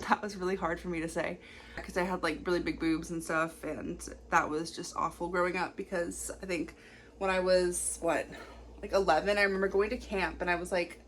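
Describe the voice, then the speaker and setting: A young woman in her twenties talking casually to camera in a confessional vlog, rambling quickly with lots of fillers. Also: on the low side, a bit bright, slight background noise. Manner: chatty, rambling, fast-talking with many fillers. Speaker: vlogger.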